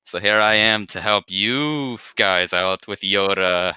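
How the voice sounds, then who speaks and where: A man voicing a mellow, ominous skeleton man with a put-on mixed Jamaican and Brazilian accent, drawling and ending lines with "man". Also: fairly low pitch, takes it slowly, clear, resonant tone, no room sound, highs cut off, pitched below the performer's own voice, full character voice. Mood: laid-back.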